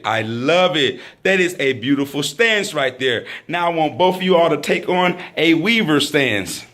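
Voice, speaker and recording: A man's voice: mid-range voice, fairly bright tone. A man teaching a hands-on training class, praising often and calling out drill commands. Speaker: firearms instructor.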